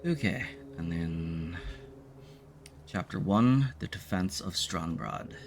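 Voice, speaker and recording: A man's voice: low-pitched, animated, takes it slowly, soft background music. A man streaming, reading a game's script and quest notes aloud in a plain, matter-of-fact way.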